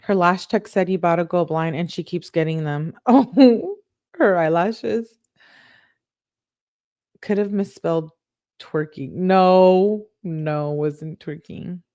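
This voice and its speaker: A woman with a fairly low voice reads a string of text messages aloud, stopping often to react in her own words. The sound is close and dry, with no room behind her. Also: steady tone, darkish tone, clear, resonant tone, no room sound. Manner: reads quotes then breaks in with quick reactions. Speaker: online true-crime show host. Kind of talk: reading text messages aloud with live commentary.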